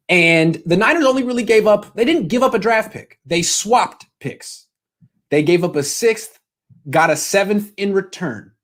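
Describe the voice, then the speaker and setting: A man giving casual sports commentary with a sarcastic, ranting manner and quick asides. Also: on the high side.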